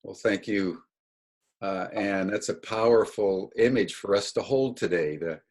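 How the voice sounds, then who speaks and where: A man hosting a webinar, giving a measured, reflective response with frequent pauses and fillers. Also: lowish voice, darkish tone. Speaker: webinar host. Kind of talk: reflective commentary.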